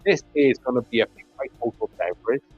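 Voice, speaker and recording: A Welsh-accented whiskey channel host runs a casual livestream, chatty and easygoing, thanking viewers by name. His medium-pitched voice is slightly rough, fast, and animated, captured dry through a clip-on shirt mic with phone-quality sound and faint music behind.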